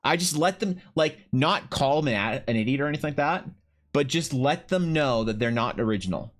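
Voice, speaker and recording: A man's voice: medium pitch, lively intonation, normal speed. A man streaming and chatting casually, rambling and swearing with lots of restarts. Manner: rambling and profane, many restarts. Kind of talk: casual chat while drawing on stream.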